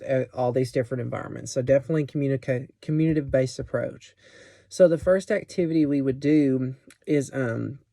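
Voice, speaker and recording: Mellow-voiced young man explaining a lesson plan. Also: mid-range voice, dry recording, studio quality. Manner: casual, explanatory, many fillers and restarts. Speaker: student presenting a teaching plan. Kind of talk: recorded class presentation.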